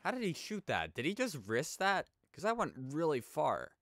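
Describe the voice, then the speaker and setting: A young man casually commentating on his own hockey video game as he plays, chatting and reacting loudly to plays. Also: on the high side, huge pitch swings, normal speed, no echo. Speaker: gaming YouTuber. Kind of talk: casual let's play commentary.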